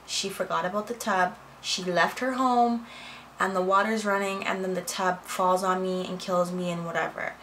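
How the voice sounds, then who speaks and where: A woman's voice: mid-range voice, steady tone, moderate pace, fairly bright tone, a little hiss or hum, poor audio. A young adult woman in a casual storytime vlog, chatting animatedly from her home office and acting out quoted dialogue. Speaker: vlogger.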